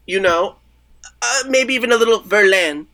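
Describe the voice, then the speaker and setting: A man's voice: high voice, moderate pace, pushed and bright. A man as a comedic podcast guest in an improvised interview, rambling, stammering and justifying himself.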